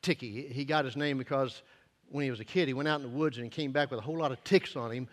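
A man's voice: mid-range voice, fast. A man in his fifties preaching a sermon, telling a folksy story in an earnest way with many hesitations. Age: 50s. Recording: long echoing hall reverb.

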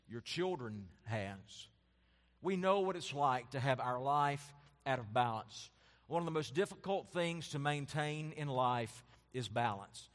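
With a fairly high voice and a big-room sound, the pastor builds his sermon through rising, insistent lists and breaks them up with soft, murmured asides.

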